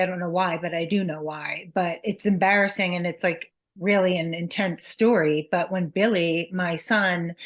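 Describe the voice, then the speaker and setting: Slow-talking candid woman, low voice. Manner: candid, confessional, acts out quotes in a sharper voice. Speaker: podcast co-host. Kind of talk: reflective casual chat.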